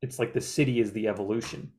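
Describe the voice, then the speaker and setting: A man's voice: on the low side, fairly even intonation, fast, a little mellow. Man, casual chat, reflective, meandering, filler-heavy. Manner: meandering, many filler likes; earnest, reflective. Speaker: group discussion member.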